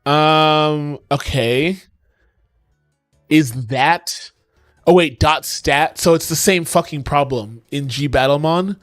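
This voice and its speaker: A man's voice: on the high side, takes it slowly, no echo, studio quality, faint music behind. A man streaming his game coding in casual talk, exasperated, swearing often and talking to his chat.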